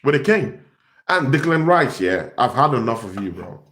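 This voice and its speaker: A man's voice: mid-range voice, sing-song, moderate pace, a bit bright. A young man, host of a football fan channel, ranting in exasperation and repeating himself. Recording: echoey room.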